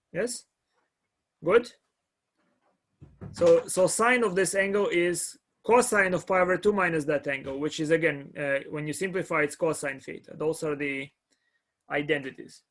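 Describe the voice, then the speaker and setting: A man giving a live calculus lecture to a class, pausing often, repeating words and checking that students follow. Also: fairly high pitch, a bit bright. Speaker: math lecturer.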